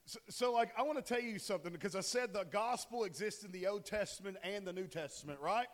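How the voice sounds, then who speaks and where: A man's voice: sits high, fast. A man in his forties preaching a casual, joking sermon and often asking the congregation questions. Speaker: pastor. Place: church sanctuary. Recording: long hall reverb.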